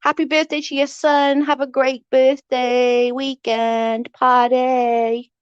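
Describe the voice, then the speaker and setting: Chatting with livestream viewers from her home, a woman in her forties laughs often, swears freely, and wanders off topic. Her high-pitched voice is smooth and flat, she takes her time, and the dull, dry lo-fi audio has no room sound.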